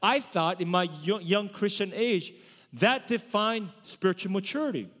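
A man's voice: sits high, lively intonation, normal speed, fairly bright tone, big-room sound. A male pastor giving a sermon in a conversational way, often correcting himself mid-sentence. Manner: conversational preaching with self-corrections.

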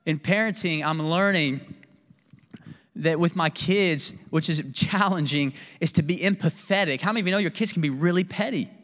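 A man's voice: fairly high pitch, normal speed, a bit bright, big-room sound. A man preaching a sermon as pastor, candid and self-deprecating in a conversational way. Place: church sanctuary.

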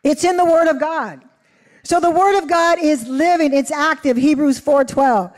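A woman with a high voice preaches a testimony, telling her story with lively energy and acting out each voice in the dialogue. Her voice rings with the long echo of a large hall. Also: normal speed, a faint crowd. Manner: animated, acts out dialogue. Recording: reverberant hall.

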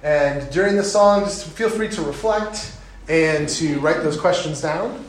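A man's voice: on the high side, measured pace. A middle-aged male pastor preaching a sermon in a church sanctuary, earnest and conversational, encouraging the listeners. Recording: very echoey sanctuary.

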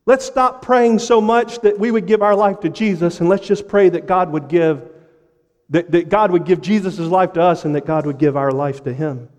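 Male pastor, high tenor, impassioned sermon delivery, long church reverb. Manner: impassioned preaching with dramatic pauses and sudden drops to a hush.

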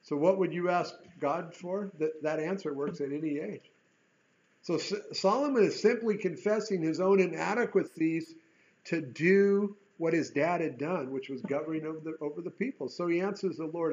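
A man's voice: a little high, normal speed, darkish tone, muffled recording. A man preaching a sermon, earnest, repeating words and rising into emphatic bursts. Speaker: pastor.

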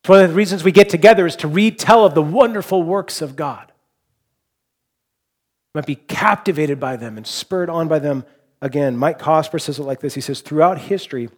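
A pastor delivering a sermon in a slightly higher-than-average man's voice. He speaks earnestly, swelling into impassioned repetition and then falling quiet and soft for reflection. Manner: earnest, builds to impassioned emphasis with repeated phrases.

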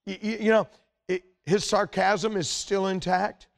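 A middle-aged male preacher with a somewhat high voice delivers a Bible sermon. He talks conversationally but with emphasis, pushing his voice up as he presses a point. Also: fairly even intonation, moderate pace. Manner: conversational, emphatic, rises in pitch when stirred.

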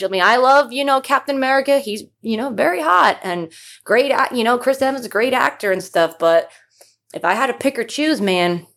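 A woman's voice: on the high side, animated, brisk, fairly bright tone. Chatty young woman gushing on her podcast. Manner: chatty, gushing, full of fillers and asides. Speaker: podcast host. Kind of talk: casual solo podcast chat.

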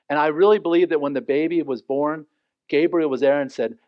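Male pastor, lively, joking sermon voice, fairly high, in a dull, dry recording. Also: a little fast, no echo. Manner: animated, joking, acts out the characters. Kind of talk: sermon, verse-by-verse Bible teaching.

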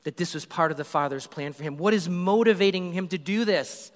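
Male pastor, higher register, animated storyteller, echoey sanctuary. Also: brisk. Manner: animated storytelling, acts out crowd voices. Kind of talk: sermon.

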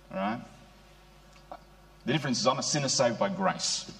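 A man's voice: medium pitch, expressive, fairly quick, long pauses, fairly bright tone. A middle-aged man preaching a sermon in a conversational way, often putting rhetorical questions to his listeners.

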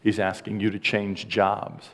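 A man's voice: lowish voice, monotone, measured pace, long reverb tail. A man in his sixties preaching as a pastor in a church, earnest and emotional, with self-deprecating asides. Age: 60s. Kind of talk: sermon. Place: church sanctuary.

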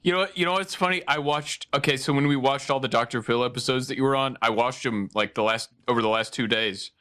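A man's voice: mid-range voice, quick pace, sharp tone, clear, resonant tone. A man hosting a podcast, chatting casually with his guest and chuckling. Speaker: podcast host. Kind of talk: casual interview chat.

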